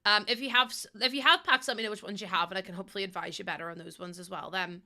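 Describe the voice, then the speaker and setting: A young woman streaming a game, chatting quickly with her viewers while feeling a bit run down. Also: mid-range voice, fairly even intonation, bright, forceful tone. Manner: fast-talking, chatty. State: under the weather, a bit run down. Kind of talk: casual live-stream chat while playing a game.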